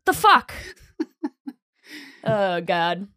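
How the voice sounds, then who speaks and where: A young woman co-hosting a podcast, chatting casually, swearing and acting out bits in loud animated voices. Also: medium pitch, extremely slow, dry recording, clean studio sound. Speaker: podcast co-host. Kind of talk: casual comedic chat.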